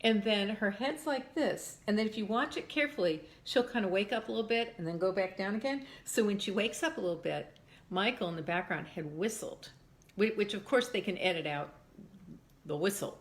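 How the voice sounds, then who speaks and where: An older woman, a mother, reminiscing in an interview with lively storytelling that acts out voices. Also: medium pitch. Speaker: mother of a former child actor. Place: home in Texas.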